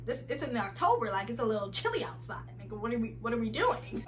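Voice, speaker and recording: A young woman vlogger telling a casual storytime to her viewers, chatty and animated and often laughing. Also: a little high, fast, low-quality recording.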